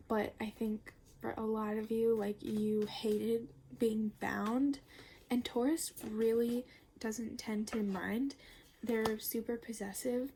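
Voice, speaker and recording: A young woman with a fairly high voice gives a casual tarot reading, chatting and rambling with plenty of fillers, an occasional curse, and moments where she drops to a soft near-whisper. There's a faint hiss or hum in the recording.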